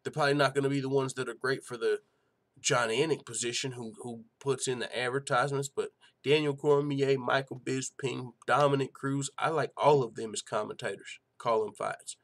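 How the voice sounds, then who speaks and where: At a normal pace and in a mid-range voice, a man runs a laid-back live-stream show, going through the chat. He's profane and excitable, firing off rhetorical questions.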